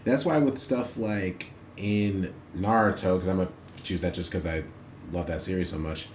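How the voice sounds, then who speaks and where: A man hosts an anime reaction, giving loose, rambling commentary while he watches, heavy on fillers like "like" and "you know." His voice sits low with fairly even intonation at a normal speed. The recording has a little hiss or hum, a roomy echo, and loud soundtrack music behind him.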